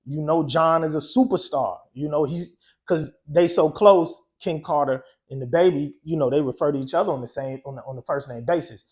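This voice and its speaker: Man, high voice, laid-back storyteller, lots of "you know", casual interview guest. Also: brisk, a little mellow. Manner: loose and conversational, full of "you know" and "um".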